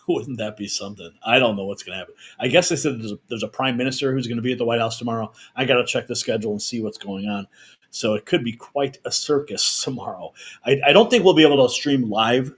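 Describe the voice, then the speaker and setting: Chatty American man hosting a live stream. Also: mid-range voice. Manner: energetic, chatty, reads viewer messages aloud with quick asides. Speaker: host of a live political news stream. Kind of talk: live-stream commentary and reading donations.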